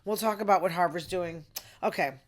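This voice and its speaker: A woman's voice: on the low side, a little fast. A middle-aged woman, hosting a podcast in a casual, rambling, self-deprecating solo monologue. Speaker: podcast host.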